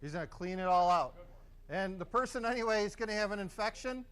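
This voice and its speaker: A man's voice: high voice, animated, fast talker, fairly bright tone, clean tone. A man teaching a hands-on first aid class in a casual, encouraging, conversational way in a training room.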